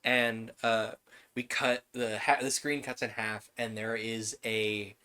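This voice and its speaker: Guy running a tabletop game, slow laid-back narration, bright tone, lots of ums. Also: lowish voice, little pitch movement, clean tone. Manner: unhurried narration with fillers and chuckles. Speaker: game master.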